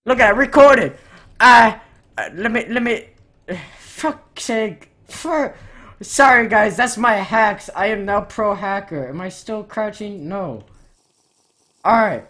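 Swearing, excitable woman gamer ranting. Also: medium pitch, slow pace. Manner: excitable ranting, swears a lot, loud outbursts. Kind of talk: profane let's-play gameplay commentary.

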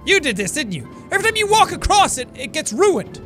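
A man giving excitable let's play commentary, swinging from yelling outbursts to low mutters. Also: fairly quick, soft background music. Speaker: gameplay commentator.

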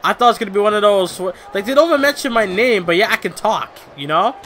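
Young man, high bright voice, very animated, rowdy swearing game commentary. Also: quick pace. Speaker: gaming YouTuber. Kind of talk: casual let's-play commentary.

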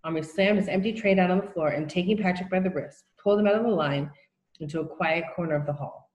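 A woman reading a children's novel aloud as narrator, in a steady, plain storytelling manner. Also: on the low side, quick pace, highs cut off. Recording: roomy echo.

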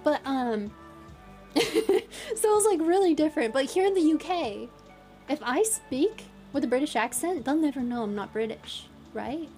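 High-voiced chatty young woman streamer. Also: expressive, normal speed, darkish tone, faint music behind. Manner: chatty, giggly, tries British phrases. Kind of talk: casual chat. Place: lives in England.

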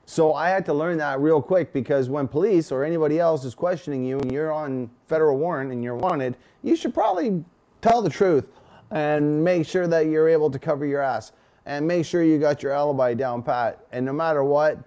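A man's voice: medium pitch, mellow. A man in his forties with a Canadian accent, hosting a casual, profane, rambling livestream chat. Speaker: host.

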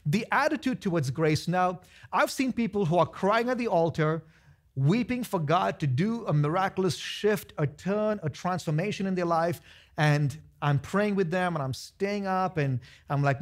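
A man pastor preaching a lively sermon to his church, acting out voices of the people in his stories. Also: sits high, normal speed. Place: church sanctuary.

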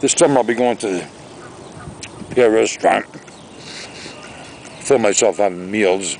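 Man, gravelly voice, rambling outdoor vlogger, faint background noise. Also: on the low side, a little slow, a little mellow, poor audio. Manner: rambling, chatty, exaggerated rants. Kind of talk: casual vlog monologue. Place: outdoors by a lake, morning.

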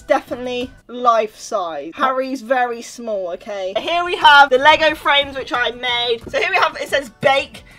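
Bright, high-pitched jokey woman. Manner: giddy, jokey, shifts into excited squeals. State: out of breath. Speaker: YouTuber giving a room tour. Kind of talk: playful vlog room tour. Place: bedroom, indoors.

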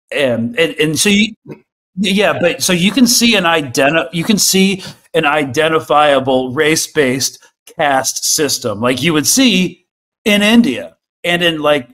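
A man's voice: medium pitch, fairly bright tone. A man hosting a podcast, talking in a casual, hesitant way with many fillers. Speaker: podcast host. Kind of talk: casual discussion.

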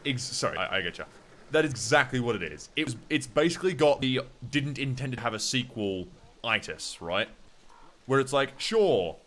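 A man's voice: medium pitch, expressive, moderate pace, fairly bright tone. A young Australian man chatting casually and swearing while he plays a game and answers viewers. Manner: chatty, swears, reads chat aloud. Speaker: gaming streamer. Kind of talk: casual gameplay commentary.

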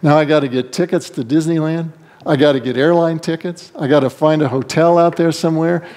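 A man delivers a sermon as pastor, in a lively storytelling manner. He acts out the characters he describes, and his voice leaps up in pitch for them. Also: a little fast. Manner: animated storytelling, acting out voices with big pitch swings.

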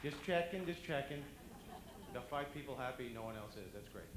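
A man's voice: mid-range voice, animated, fairly quick. A man with a Brooklyn accent doing live stand-up comedy, brash and chatty, talking straight to the audience. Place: banquet hall at a dinner event. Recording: echoey banquet hall with faint room noise.

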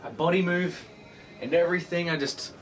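A young man vlogging from his bedroom in a casual rambling monologue, animated, swearing a lot and acting out the voices of phone calls. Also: sits high, normal speed, faint music behind.

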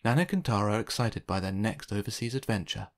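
A man reading a children's picture book aloud in a calm, clear narrating voice. His pitch moves lively up and down through the story. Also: quick pace. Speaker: storytime reader.

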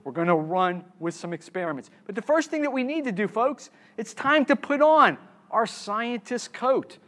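A man's voice: very high-pitched, animated, moderate pace, pushed and bright. A man giving a live keynote talk on a conference stage, quizzing the audience and repeating key words, with frequent restarts.

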